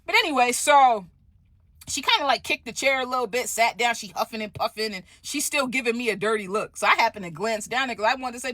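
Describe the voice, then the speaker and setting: A woman telling a story in a casual vlog, animated and profane, often asking "right?". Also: a little high, fast talker, dry recording, studio quality.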